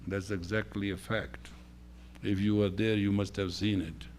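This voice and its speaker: A man lecturing as a spiritual teacher to a room of teachers, telling stories in halting, slow phrases, swinging between hushed asides and loud bursts and acting out the voices of his characters. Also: lowish voice, little pitch movement, slight background noise.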